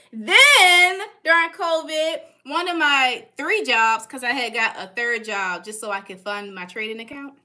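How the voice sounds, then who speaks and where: A woman's voice: high voice, pushed and bright. A young woman vlogger talking casually and emphatically to her viewers, repeating phrases for stress and dropping into slang. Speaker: stock trading vlogger. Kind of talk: casual motivational talk to camera.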